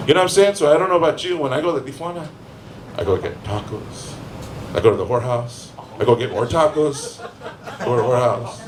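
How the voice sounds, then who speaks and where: A man's voice: medium pitch, animated, a little fast, noisy background. A man doing a stand-up comedy set, telling crude rambling stories and acting out the people in them. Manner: crude, rambling storytelling with voiced characters. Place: live comedy venue. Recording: echoey room with faint ambience.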